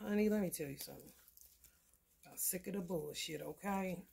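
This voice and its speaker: A woman's voice: on the low side, normal speed, gravelly, mellow, slightly rough. A woman, talking loosely and profanely in a casual tarot vlog. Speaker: tarot reader.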